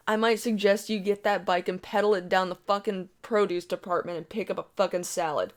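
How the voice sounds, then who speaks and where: A woman's voice: mid-range voice, steady tone, brisk, hardly any pauses. A woman reading a first-person online story aloud in a brash, profane storytelling manner. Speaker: story reader.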